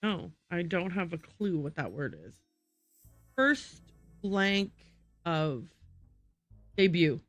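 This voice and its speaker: Woman streamer, unhurried and musing, dry close mic, soft music under her. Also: on the low side, expressive, no room sound, muffled recording. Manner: thinking aloud, muttering over word puzzles. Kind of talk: casual gameplay livestream.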